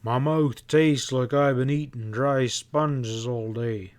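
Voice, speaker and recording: A man reading an audiobook, voicing a big one-eyed man who talks gruffly and bluntly. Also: medium pitch, fairly even intonation, slow, natural voice. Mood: angry, eager.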